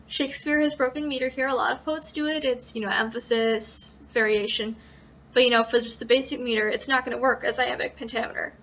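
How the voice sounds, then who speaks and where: Fairly quick and a bit bright, a young woman's voice sits on the high side with a steady tone. She's a student presenter walking through sonnet writing in a relaxed tutorial, hesitant and full of ums and self-corrections, captured in dull lo-fi sound.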